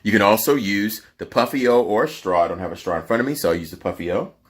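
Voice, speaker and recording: A man's voice: on the low side, fast talker. A man teaching singers a vocal cooldown in a casual, emphatic way, his voice sounding tired. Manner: emphatic, instructive. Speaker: vocal coach.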